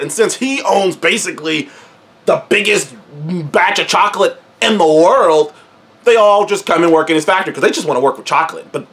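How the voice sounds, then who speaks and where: A man's voice: sits high, fairly bright tone. A young man hosting his own show, giving a casual movie review full of swearing, slang, laughs and repeated words.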